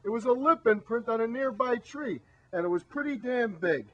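A man playing a blunt, exasperated crew member who scolds the others and tries to calm them, in an amateur comedy spoof. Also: very high-pitched, moderate pace, muffled recording, heavily acted. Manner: scolding, then soothing.

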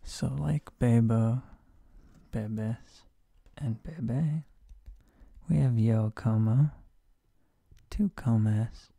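A man in a whispered role-play as a Spanish teacher, soft and sleepy, slipping in deadpan jokes, hoarse from a sore throat. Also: mid-range voice, extremely slow, long pauses, no echo. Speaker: streamer playing a Spanish teacher.

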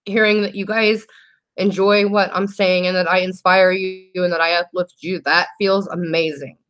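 A woman's voice: on the low side, level tone, moderate pace, fairly bright tone. A woman, chatting casually on a beauty livestream, emotional and grateful while reading viewers' comments. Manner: emotional, grateful, tearful at times. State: teary.

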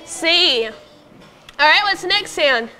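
A woman teaching a phonics lesson to young pupils in a classroom, patiently prompting them and sounding out words slowly. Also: extremely high pitch, animated, over music. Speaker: elementary school teacher.

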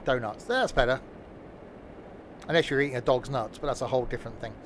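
A man's voice: medium pitch, fast talker, fairly bright tone, a little hiss or hum. A man casually commentating a train simulator game live, joking and teasing his chat. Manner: joking, chatty, teasing viewers. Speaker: streamer playing a train simulator.

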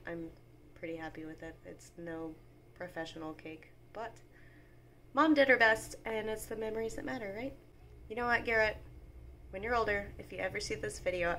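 A chatty, sentimental woman in her thirties talks straight to the camera from her home, in a bright, forceful voice. A faint hum of household noise sits behind her. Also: medium pitch. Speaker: mom vlogger. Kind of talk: casual talk to camera.

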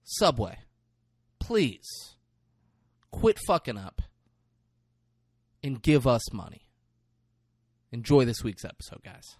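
A man's voice: mid-range voice, sing-song, slow, pauses often, darkish tone, breathy edge. A man hosting a comedy podcast, ranting in a casual, profane, jokey way. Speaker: podcast host.

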